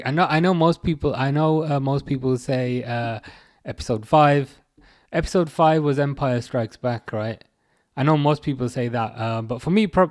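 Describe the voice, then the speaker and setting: A man talks casually through a live football watchalong stream, reading viewers' messages out and replying. His speech is chatty and halting, with plenty of fillers and false starts, at a middling pitch. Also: a little mellow. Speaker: livestream host reading chat.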